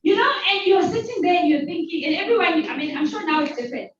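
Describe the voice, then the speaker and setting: A woman's voice: very high voice, quick pace, slight background noise. Give me a playful South African woman in her forties hosting a talk, heard from a distance with a dull, muffled sound. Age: 40s. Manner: animated, playful, acts out voices of others. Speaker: host. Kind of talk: storytelling talk to a live audience. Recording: very echoey hall from far off, dull sound.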